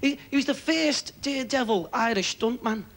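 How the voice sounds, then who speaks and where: A man with a Liverpool accent doing stand-up comedy on a TV stage, with quick patter and stammering repeats. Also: very high voice, a bit bright. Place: TV studio stage.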